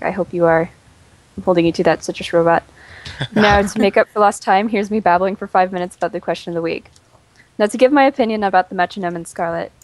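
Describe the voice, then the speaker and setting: A woman on a podcast reading out a listener's letter in a brisk, teasing way. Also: on the low side, poor audio. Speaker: guest.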